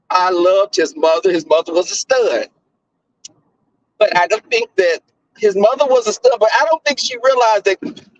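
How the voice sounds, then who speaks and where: A man hosting a casual commentary chat, telling stories in a profane, animated way. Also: high-pitched, dry recording, highs cut off.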